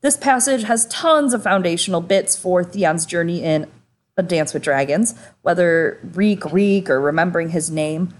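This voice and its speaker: A woman co-hosting a podcast in relaxed, casual chat. She talks with enthusiasm and drops the odd swear word. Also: lowish voice, normal speed. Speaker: podcast co-host.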